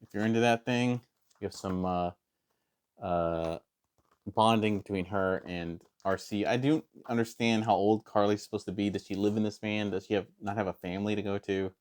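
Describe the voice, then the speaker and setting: A man's voice: lowish voice, steady tone, normal speed, a little mellow. A man reviewing a comic book in casual, rambling chat, hesitant with many fillers and restarts.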